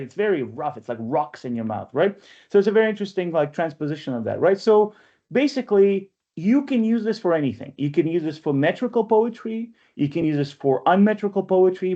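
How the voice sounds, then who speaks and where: A man leading an online poetry workshop, chatty and playful, often checking in with a quick "right?" as he explains. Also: medium pitch, warm tone. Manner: chatty, ends phrases with frequent "right?" tag questions; playful and self-mocking. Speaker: workshop leader and poetry editor. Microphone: video call microphone. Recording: dull lo-fi video call audio.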